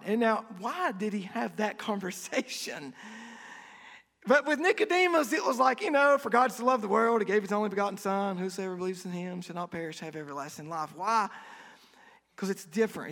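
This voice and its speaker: A man preaching a conversational sermon, acting out quotes with lively energy. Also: sits high, long reverb tail. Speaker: pastor.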